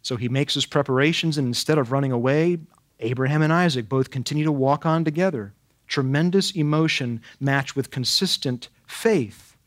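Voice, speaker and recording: A man's voice: mid-range voice, moderate pace. A man preaching an expository sermon, asking dramatic rhetorical questions and hammering points home with repetition.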